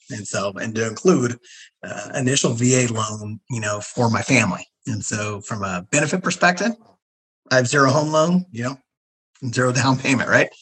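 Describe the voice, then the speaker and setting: A middle-aged man, a guest telling stories in a casual interview, animated and acting out the people he quotes. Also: medium pitch, low-quality recording. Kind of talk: casual storytelling.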